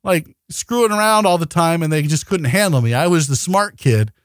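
A man's voice: fairly high pitch, normal speed, dry recording, studio quality. A man co-hosting a podcast in casual chat, ranting and swearing with lots of energy. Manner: animated, profane, ranting. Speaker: podcast co-host.

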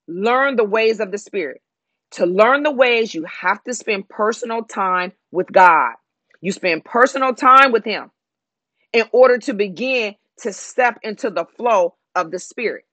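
A woman's voice: medium pitch, pushed and bright, dry recording. A woman preaching a sermon, repeating phrases and declaring in an emphatic way.

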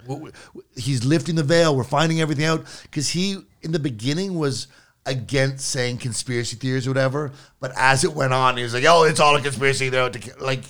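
A man's voice: mid-range voice, brisk, a bit bright. A man on a podcast in casual chat, telling anecdotes and hedging his points with restarts. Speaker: podcast co-host.

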